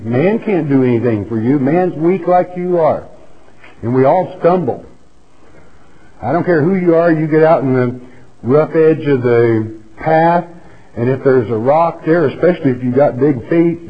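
A man preaching a sermon, who reads scripture aloud and puts questions to his listeners in a slow, emphatic way. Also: fairly high pitch. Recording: dull lo-fi sound.

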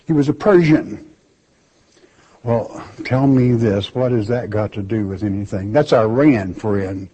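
Male preacher reading bible verses then explaining them, slow and blunt, kinda husky, muffled lo-fi sound. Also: medium pitch, mellow. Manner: direct, scolding, asks rhetorical questions. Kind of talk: sermon with scripture reading. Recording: dull lo-fi recording.

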